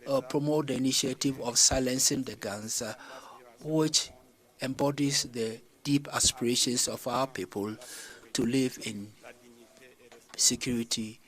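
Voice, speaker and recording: A man delivering a formal policy address to a summit of leaders, measured and stopping often on fillers and restarts. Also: mid-range voice, a bit bright, rough recording. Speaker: summit chair addressing heads of state.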